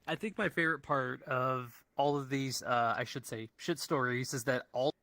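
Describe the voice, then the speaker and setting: Man, casual voice chat, relaxed, bright tone. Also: mid-range voice, moderate pace.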